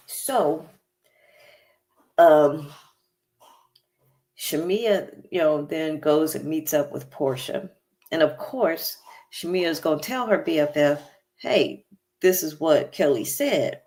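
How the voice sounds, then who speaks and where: A woman's voice: sits low, expressive, takes it slowly, pauses often, a little mellow. A woman hosting a casual reality TV recap, chatty and opinionated, with many fillers. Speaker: recap show host.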